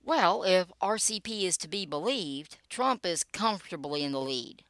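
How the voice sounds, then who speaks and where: A woman's voice: fairly low pitch, animated, normal speed, fairly bright tone, no room sound. Sardonic older woman reading her blog. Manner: wry and sarcastic, with dry asides. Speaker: political blogger and podcaster. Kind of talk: reading her own blog post aloud.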